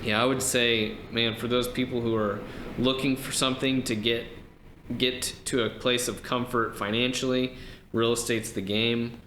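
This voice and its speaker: A man's voice: mid-range voice, level tone, moderate pace, fairly bright tone. A man guest on a podcast, answering questions casually and hesitantly, with frequent ums and restarts. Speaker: podcast guest, real estate wholesaler. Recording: roomy with faint background noise.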